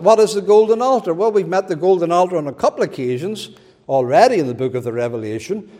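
A man preaching a sermon with fervent emphasis, his voice rising to loud, emphatic peaks. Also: high-pitched, big-room sound.

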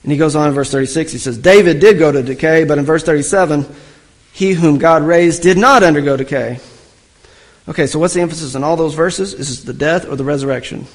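A man's voice: fairly high pitch, low-quality recording. Questioning male preacher teaching scripture. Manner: asks the listeners questions and answers them himself; reads scripture aloud, then comments on it. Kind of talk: expository sermon teaching.

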